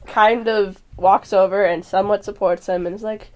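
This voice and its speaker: A woman's voice: medium pitch, steady tone, normal speed, slight background noise. A woman playing a tabletop game, narrating her character in the third person with a wry tone. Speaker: player.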